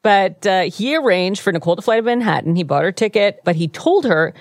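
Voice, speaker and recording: A woman's voice: mid-range voice, lively intonation, brisk, no echo. A woman hosting a true crime podcast, telling the story in a wry, easygoing way from a radio studio. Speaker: podcast host.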